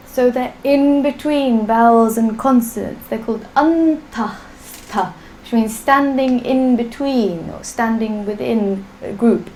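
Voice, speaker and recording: A woman's voice: a little high, slow, few pauses, a little mellow, slight background noise, low-quality recording. A woman teaching a live online language class, drilling sounds patiently for students to repeat. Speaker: Sanskrit teacher.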